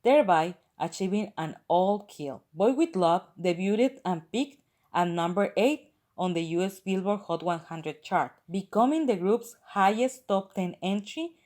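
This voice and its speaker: A woman narrating a countdown video as a channel host, reading out chart facts and lists in a steady, scripted way. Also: medium pitch, measured pace.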